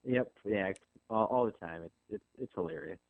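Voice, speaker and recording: A man, a police officer guest on a radio show, explaining calmly with some hesitation. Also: fairly low pitch, moderate pace, vocal fry, no room sound. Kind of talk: casual radio interview. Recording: tinny phone line.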